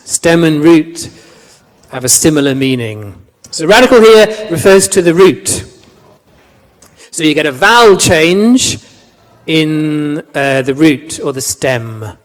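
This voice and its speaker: A man teaching a class, chatty, repeating words and asking the students questions. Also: on the high side. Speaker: language lecturer. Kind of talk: classroom lecture. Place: lecture room. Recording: long reverb of a lecture hall.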